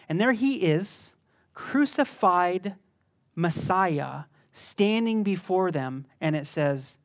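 A middle-aged male pastor preaching a sermon in a conversational, animated way that bursts into sudden intensity. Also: high voice, takes it slowly.

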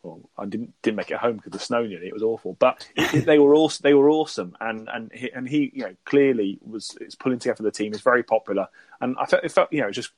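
A man speaking as a guest on a fan podcast, rushing and restarting. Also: medium pitch, dry recording. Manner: rushed, with restarts. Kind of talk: casual fan podcast chat.

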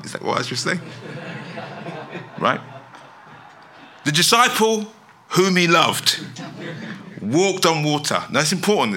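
A man's voice: mid-range voice, pushed and bright. A man preaching a sermon, emphatic and asking his listeners rhetorical questions.

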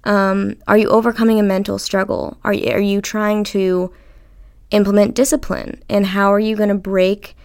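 A young woman hosting a casual solo podcast, chatty and animated, swearing freely and acting out what people said to her. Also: medium pitch, normal speed, vocal fry, clear, resonant tone. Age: young adult. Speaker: podcast host.

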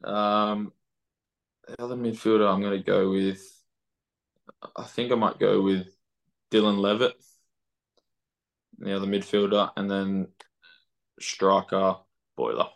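A man's voice: on the low side, creaky. A young man with an Australian accent, chatting loosely as a footballer guest on a podcast, laughing easily. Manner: relaxed, laughing, halting with fillers. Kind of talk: casual podcast interview.

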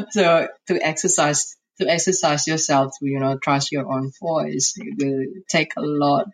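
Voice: medium pitch, fairly even intonation, unhurried, low-quality recording. An earnest, reflective speaker in a casual podcast conversation, often restarting sentences.

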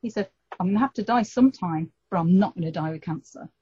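Husky woman, mellow dark voice, animated storytelling, dull lo-fi recording. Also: lowish voice, quick pace. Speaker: guest telling her story. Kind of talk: personal storytelling in an interview.

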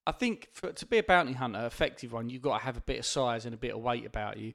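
A man's voice: medium pitch, fast, vocal fry, a bit bright. A man co-hosting a podcast, chatting loosely with crude jokes and frequent laughter. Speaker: podcast co-host. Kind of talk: casual comedic chat.

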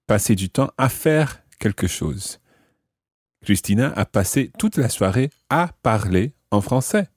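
A man hosting a language lesson podcast, explaining French phrases slowly and carefully. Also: fairly low pitch, a little mellow, slightly rough, no room sound, studio quality. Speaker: language teacher host.

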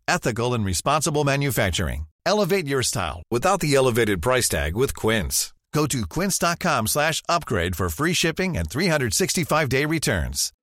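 A man's voice: mid-range voice, very animated, normal speed, few pauses, fairly bright tone, dry recording, studio quality. A man reading a scripted ad in an upbeat, polished way. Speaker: ad announcer. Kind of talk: scripted ad read.

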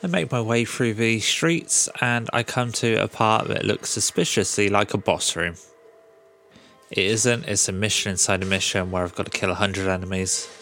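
A man's voice: lowish voice, moderate pace, fairly bright tone, soft background music. A man hosting a podcast, recapping a video game in a casual, sarcastic way and swearing freely. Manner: sarcastic, swears freely, mocks the game's characters. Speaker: podcast host.

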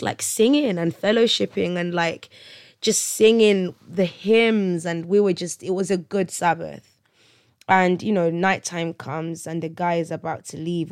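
A woman's voice: lowish voice, darkish tone, dry recording, studio quality. Earnest woman in her thirties. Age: 30s. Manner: earnest, conversational, preachy, checks in with listeners. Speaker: podcast host. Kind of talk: personal testimony monologue.

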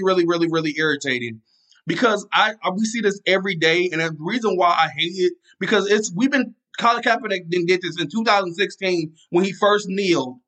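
Heated podcast host, bright and fiery. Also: male voice, high-pitched. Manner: angry, repetitive, many restarts and fillers. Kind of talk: casual solo podcast rant.

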